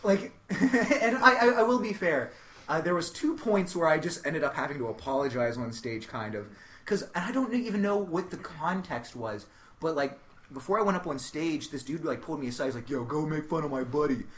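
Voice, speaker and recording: A young male comedian with a bright, forceful voice pitched a little high. He tells his stories in a lively way, jumps into voices and swears freely. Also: fairly quick. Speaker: stand-up comedian, podcast guest. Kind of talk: casual chat, comic storytelling.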